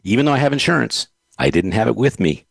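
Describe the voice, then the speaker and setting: A man's voice: mid-range voice, big pitch swings, fast, creaky, breathy edge, no echo. A man hosting a podcast, chatting casually and telling rambling stories with frequent laughs. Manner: rambling storyteller, laughs often. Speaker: podcast host. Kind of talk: casual chat.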